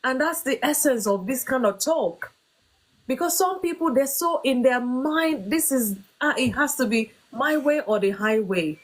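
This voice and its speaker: A woman's voice: sits high, lively intonation, measured pace, rough recording. A woman hosting a faith-based talk on marriage, speaking earnestly with emphatic, preaching emphasis. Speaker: host.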